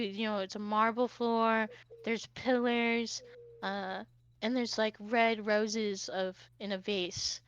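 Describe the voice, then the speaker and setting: A woman's voice: fairly high pitch, a bit bright, no echo, highs cut off. A woman narrating as game master of a tabletop game, chatty and rambling with many fillers.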